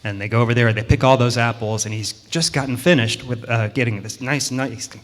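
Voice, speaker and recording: A man telling a children's story at church in a relaxed, lightly rambling way. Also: medium pitch, a little fast. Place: church sanctuary. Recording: long hall reverb.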